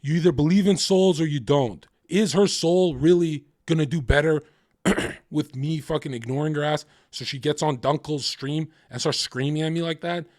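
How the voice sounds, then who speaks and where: A man's voice: a little high, moderate pace, a little mellow, no room sound, clean studio sound. A man livestreaming, ranting casually in a heated, profane, rambling way.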